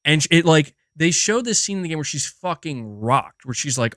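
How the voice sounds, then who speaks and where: Animated, profane man ranting on stream. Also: on the high side, fast talker, hardly any pauses, no echo, clean studio sound. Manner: animated, profane and emphatic, with frequent restarts. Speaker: livestream host. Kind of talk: casual livestream rant.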